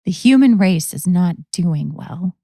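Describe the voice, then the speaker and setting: A woman's voice: on the low side, animated, slow, warm tone, no room sound, studio quality, heavily acted. A woman voicing a grave man who believes he is president of the world, speaking in a solemn tone.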